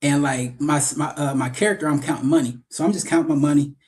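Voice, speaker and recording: A man's voice: fairly high pitch, fairly even intonation, quick pace, a little mellow. A man being interviewed as an actor guest over a video call, telling stories in a rambling casual way with many restarts.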